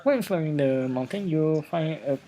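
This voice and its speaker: A man's voice: fairly high pitch, fairly quick, mellow, poor audio. A man hosting a let's play, reading a text game aloud and often stumbling and repeating words.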